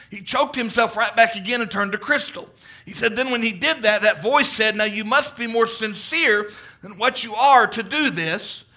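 Fervent high-voiced preacher man. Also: sharp tone. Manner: fervent, quoting at length, rising emphasis. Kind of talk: sermon retelling a vision.

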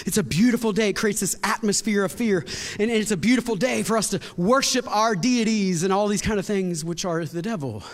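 Male pastor, very high voice, energetic sermon with shouts, reverberant church hall. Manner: energetic, repeats words and restarts, bursts into shouts.

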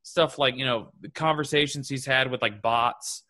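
A man's voice: mid-range voice, moderate pace, sharp tone. A man co-hosting a casual comedy podcast, talking enthusiastically and rambling with lots of restarts and fillers. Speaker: podcast co-host. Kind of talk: casual chat.

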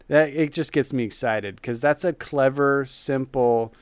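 This casual podcast chat features a male co-host whose smooth, resonant voice sits at medium pitch and moves a little slowly. Eager and enthusiastic, he rambles and sometimes restarts what he's saying, recorded close and dry without echo.

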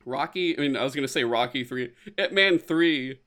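A man chatting casually as a podcast co-host, animated and profane, acting out quotes in silly voices. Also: mid-range voice, normal speed. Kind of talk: casual chat.

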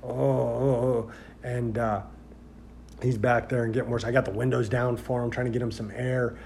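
A man of average pitch tells a story as a sheriff's deputy, casual and rambling, full of fillers and restarts. He grows loud and animated as the story builds. A faint noise sits under his voice. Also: brisk.

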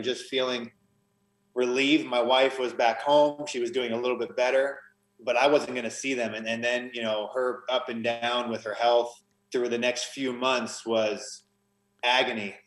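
A man's voice: medium pitch, a bit bright, reverberant, low-quality recording. A man, a podcast guest, telling his story in an earnest, emotional conversational way, often restarting his sentences. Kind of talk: conversational testimony.

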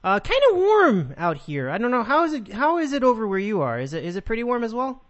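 A man's voice: very high voice, huge pitch swings, quick pace, lo-fi sound. A man hosting a sports podcast, chatting casually and upbeat with callers, laughing easily.

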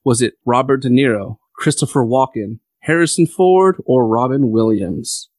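A man's voice: mid-range voice, a little mellow, no echo, studio quality. A man hosting a casual podcast quiz game, reading out questions and teasing the players. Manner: playful quizmaster, reads questions slowly.

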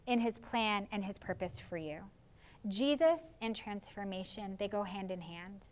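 A woman pastor preaching a sermon in an earnest, confessional way, often slipping into spoken prayers as asides. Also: mid-range voice.

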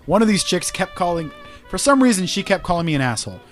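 Animated, profane man telling stories. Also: high voice, quick pace, soft background music. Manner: profane, rambling, animated storyteller. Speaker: podcast host. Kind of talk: casual storytelling chat.

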